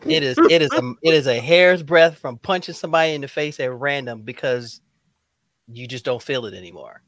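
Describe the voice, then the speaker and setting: A man co-hosting a podcast, telling a relaxed, amused story in casual chat. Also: mid-range voice, a little fast, no echo. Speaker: podcast co-host.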